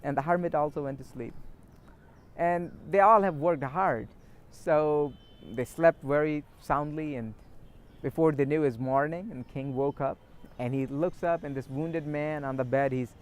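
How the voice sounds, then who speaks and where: A man, a spiritual teacher, telling a parable in a gentle, unhurried way. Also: on the high side, clear, resonant tone. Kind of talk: storytelling talk.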